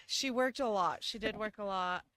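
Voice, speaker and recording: A woman's voice: medium pitch, normal speed, fairly bright tone. A woman in her thirties, a guest on a comedy podcast, talking about motherhood in an earnest, laughing way. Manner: earnest, laughing, emotional at times. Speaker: guest, host's wife. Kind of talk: casual podcast chat.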